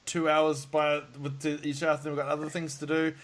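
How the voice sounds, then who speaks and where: A man chats loosely as a podcast host, sounding worn out. He rambles, laughs often and swears without a second thought. His voice sits a little high for a man. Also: monotone, normal speed. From Australia. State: tired. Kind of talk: casual chat. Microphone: video call.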